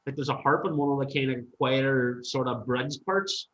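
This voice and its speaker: A man's voice: medium pitch, steady tone, moderate pace, fairly bright tone. A man, a musician guest chatting casually and telling stories animatedly, swearing freely. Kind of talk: casual podcast chat. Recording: roomy, dull-sounding room.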